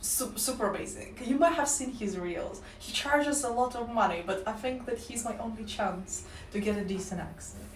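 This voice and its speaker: A woman's voice: fairly high pitch, moderate pace, hardly any pauses, a little hiss or hum. A young woman with a Slavic accent, livestreaming and chatting playfully with viewers. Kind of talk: casual chat with live chat. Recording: roomy sound from a distant mic.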